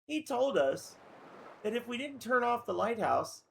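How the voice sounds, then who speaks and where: A man voicing a tiny frightened fairy in a squeaky, excited, pleading way. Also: measured pace, vocal fry, slight background noise, exaggerated voice.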